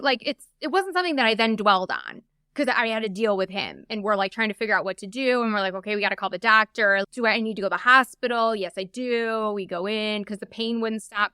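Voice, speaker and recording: Woman guest, candid conversational storyteller; bright, clear tone. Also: a little high, expressive, fairly quick, no echo, studio quality. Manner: chatty, open, frequent "like" asides. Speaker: podcast guest.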